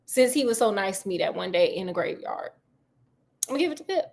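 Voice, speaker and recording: A woman voicing a rough, grateful old male ex-convict who speaks in blunt slang, in a casually retold story. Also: medium pitch, very animated, quick pace, a little mellow. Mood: earnest. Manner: slangy, plain-spoken.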